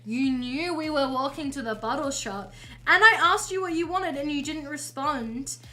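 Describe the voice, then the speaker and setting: A woman's voice: sits high, moderate pace, bright, forceful tone. A young woman streamer telling a long casual story, rambling and swearing, with frequent self-interrupting asides.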